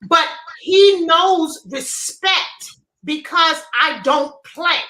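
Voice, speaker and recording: A middle-aged woman co-hosting a casual chat, telling stories in an animated, emphatic way. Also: very high-pitched, drawn-out words. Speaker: co-host. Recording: echoey room.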